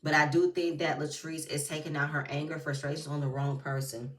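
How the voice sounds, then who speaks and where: Lowish-voiced woman ranting about reality tv, blunt and cussing, roomy sound. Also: flat delivery, brisk, far from the mic. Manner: blunt, profane, heated. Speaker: reality TV recap YouTuber. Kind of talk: casual commentary.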